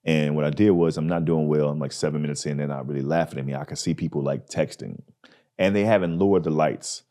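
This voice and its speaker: Deep-voiced man telling a story. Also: fast talker. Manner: animated, acts out people in his stories. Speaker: podcast host. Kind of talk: casual storytelling.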